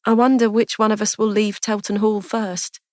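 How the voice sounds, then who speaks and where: A woman reading a story, voicing a kind, impulsive young woman who speaks in a lively, affectionate way. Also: mid-range voice, normal speed, no echo, clean studio sound, natural voice. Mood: warm.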